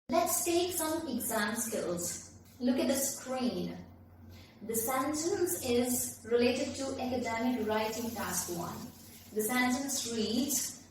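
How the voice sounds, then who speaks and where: A woman's voice: a little high, slight background noise. A woman, teaching a lesson in an emphatic, explanatory manner. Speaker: English teacher. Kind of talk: classroom lesson. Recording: very echoey room, voice from far off the mic.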